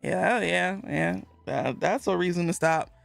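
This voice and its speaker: A woman streaming live, chatting casually with her chat, animated and laughing a lot as she banters. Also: on the low side, measured pace, gravelly, no room sound, faint music behind. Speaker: gaming streamer.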